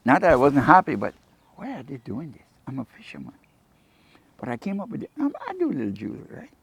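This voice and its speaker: Gravelly older Caymanian man spinning yarns. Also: a little high, quick pace, no echo. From Cayman Brac, Cayman Islands. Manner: animated storyteller who acts out quoted dialogue. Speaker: interviewee, local fisherman and jewelry maker. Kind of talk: rambling anecdotal storytelling.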